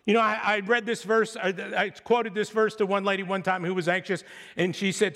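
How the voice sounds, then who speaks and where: High-voiced preacher in a reverberant sanctuary. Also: male voice, level tone, fairly quick, a bit bright. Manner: conversational, joking asides, sarcastic impressions. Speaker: pastor. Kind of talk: sermon. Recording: long hall reverb.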